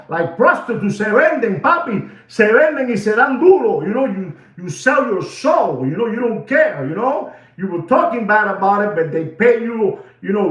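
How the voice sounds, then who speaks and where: Fired-up man ranting from afar. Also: sits high. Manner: heated, switching between English and Spanish slang. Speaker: watch show host. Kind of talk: ranting commentary. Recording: roomy, distant, dull sound.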